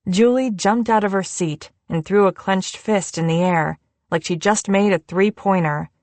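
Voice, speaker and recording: A woman reading an audiobook in a measured, unhurried scripted narration. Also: medium pitch, darkish tone, no echo.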